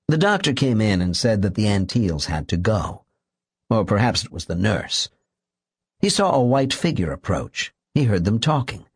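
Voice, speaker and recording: Husky low guy reading a novel, lively pitch, dry close mic. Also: moderate pace, no room sound. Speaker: audiobook narrator. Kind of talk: scripted narration.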